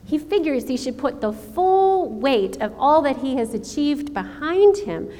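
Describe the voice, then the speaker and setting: A woman preacher giving a sermon, telling the story in a slow, dramatic way with rhetorical questions. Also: high-pitched, sing-song, dark tone. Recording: long hall reverb, faint ambience.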